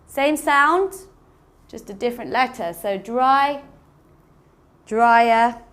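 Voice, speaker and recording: A woman's voice: on the high side, slow pace, fairly bright tone. A woman teaching English grammar, explaining patiently, repeating words and spelling out endings letter by letter. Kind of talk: slow classroom explanation.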